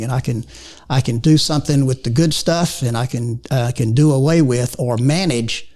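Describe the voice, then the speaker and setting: A man with a Charlotte, North Carolina accent speaks as a podcast guest. He talks calmly and reflectively, never hurrying. His voice sits at a middle pitch. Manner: calm, reflective, unhurried. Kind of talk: reflective conversation.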